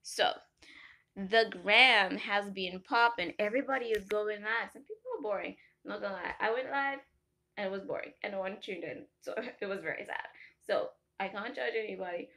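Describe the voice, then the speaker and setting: A young woman from Africa, chatting casually to camera and telling animated stories full of tangents and laughter. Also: medium pitch, normal speed, creaky. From South Africa. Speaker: vlogger.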